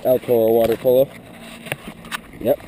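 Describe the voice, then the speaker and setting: A teenage boy rambles sarcastically in a casual vlog while walking home at night through suburban streets. His mid-range voice is flat and normal in speed, captured on a head-mounted action camera with noisy outdoor audio.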